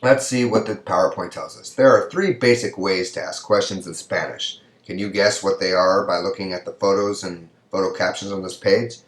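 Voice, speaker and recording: A deep-voiced man gives a recorded Spanish lesson. He speaks slowly and carefully, and stretches out his example sentences to show the rise in pitch. The echo of the room is clear behind his voice. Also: fairly even intonation. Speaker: Spanish lecturer. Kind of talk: recorded video lecture. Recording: echoey room.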